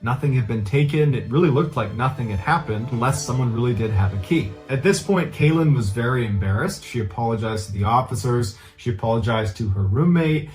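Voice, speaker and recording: Male true crime storyteller, mid-pitched, casual and earnest. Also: expressive, a little fast, hardly any pauses, darkish tone, faint music behind. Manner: casual, earnest retelling with loose phrasing. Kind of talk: conversational storytelling.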